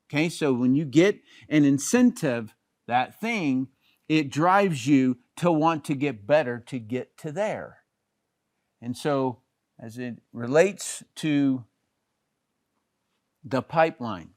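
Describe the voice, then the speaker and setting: A man's voice: fairly high pitch, no room sound, studio quality. A middle-aged man giving a casual training talk on network marketing, chatty, with many fillers and restarts. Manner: conversational, many fillers and restarts, pointing with "here".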